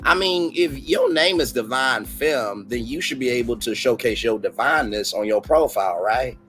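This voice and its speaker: A man's voice: mid-range voice, normal speed, faint music behind, rough recording. A man with a Southern US accent hosting a late-night livestream, chatting sassily and reading comments aloud. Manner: animated, sassy, reads chat comments aloud. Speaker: livestream host.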